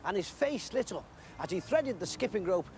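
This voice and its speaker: A man reading a children's Christmas story aloud, expressive and animated. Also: sits high, moderate pace, a little hiss or hum.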